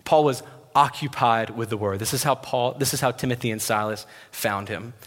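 A man's voice: mid-range voice, moderate pace. A man preaching a sermon, conversational and emphatic as he retells scripture. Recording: long reverb of a large hall.

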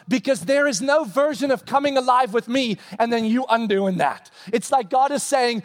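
Male pastor, high voice, lively sermon delivery, long hall reverb. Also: normal speed, few pauses. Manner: animated preaching, voices God and himself, shouts at peaks.

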